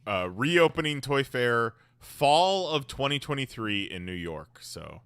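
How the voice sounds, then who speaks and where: A man's voice: mid-range voice, very animated, measured pace, fairly bright tone, smooth, no room sound. A man hosting a podcast in casual chat, rambling with lots of fillers and swearing. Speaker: podcast host.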